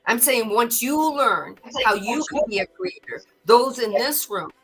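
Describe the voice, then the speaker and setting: Middle-aged woman doing spiritual podcast talk, bright tone, earnest, stumbles over repeated words, bit of music behind. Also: a little high, animated, measured pace, slightly rough. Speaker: podcast host.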